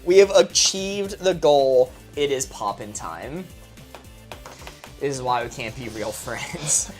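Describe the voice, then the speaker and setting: A woman's voice: very deep voice, slow pace, over music. A woman hosting a live game stream, chatting playfully and laughing often as she thanks her viewers. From New York. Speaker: streamer host. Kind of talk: casual live-stream chat.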